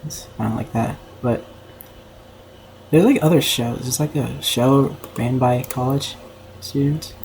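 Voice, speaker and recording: A man's voice: medium pitch, measured pace, creaky, long pauses, a little mellow, a little hiss or hum, rough recording. A young man streaming casually, rambling and self-conscious with lots of filler words. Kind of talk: casual livestream commentary.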